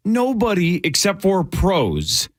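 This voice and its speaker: A man hosting a casual sports radio talk show, telling stories with excitement. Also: sits high, slow, no echo. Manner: animated, excitable storytelling. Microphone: studio microphone.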